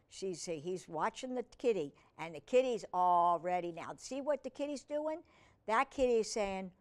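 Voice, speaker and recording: Slow, gentle woman storyteller for kids. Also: mid-range voice, lively intonation. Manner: gentle, teacherly, asks the listener questions. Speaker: children's storyteller. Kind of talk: reading picture books to children.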